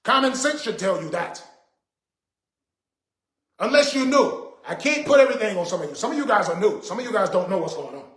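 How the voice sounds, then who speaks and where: Man, very high voice, casual livestream host, indignant and repetitive, roomy echo on a phone mic. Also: expressive, brisk, pauses often, a bit bright.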